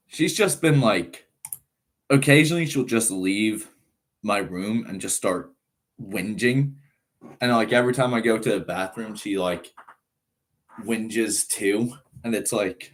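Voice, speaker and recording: A nineteen-year-old man from Ireland, but his accent sounds American. He chats on a live stream in an unhurried, rambling way, reading out comments and padding his talk with fillers. His voice sits a little low, and his pace is slow and drawn out. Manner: laid-back, rambling, reads chat aloud, frequent laughs and fillers. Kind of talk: casual live-stream chat.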